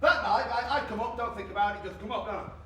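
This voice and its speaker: A stubborn, chatty man who has moved into a tree and rambles on with his story. The high voice carries from a distance, heavily echoing, with faint outdoor noise behind it. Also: quick pace, pushed and bright. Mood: storytelling.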